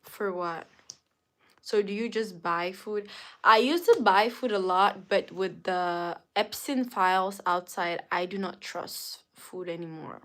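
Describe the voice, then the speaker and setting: A woman hosts a casual live stream, unhurried and relaxed in pace. She chats playfully with her viewers, answers their comments and laughs easily. Her voice sits at an ordinary middle pitch for a woman. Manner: chatty, playful, laughs often, pleads for likes. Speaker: livestream host.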